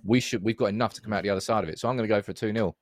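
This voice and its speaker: A man's voice: fairly low pitch, racing. A man hosting a casual football podcast, leading the talk and swearing freely. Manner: animated, swears casually, leads the discussion. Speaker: podcast host.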